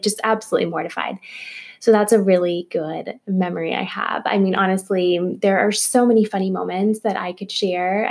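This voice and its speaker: Woman, interview guest, animated, laughs while talking, casual storytelling. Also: mid-range voice, creaky.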